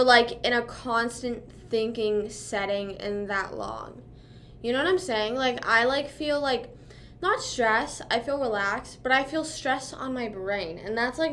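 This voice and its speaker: Rambling young woman streamer, slightly high voice. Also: a bit bright, a little hiss or hum. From Pennsylvania. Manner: rambling, heavy use of "like" and "you know what I mean"; talking while chewing food. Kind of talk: casual livestream chat.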